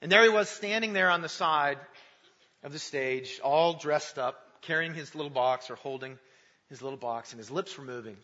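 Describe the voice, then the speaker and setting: A man's voice: a little high, normal speed. A man preaching a Christmas Eve sermon, praying and telling a story in an earnest storytelling manner. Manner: storytelling, earnest and warm in prayer. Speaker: pastor. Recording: dull sound in a large reverberant church.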